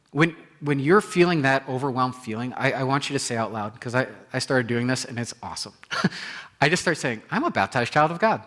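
A man preaching a sermon in an animated way, acting out inner voices and repeating phrases for emphasis. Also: mid-range voice. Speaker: pastor.

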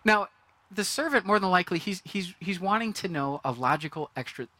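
A man's voice: sits high, expressive, fairly quick, bright, forceful tone. A man preaching a sermon in a conversational way, acting out the reactions of the people in his story. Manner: conversational, acts out quoted reactions. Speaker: pastor.

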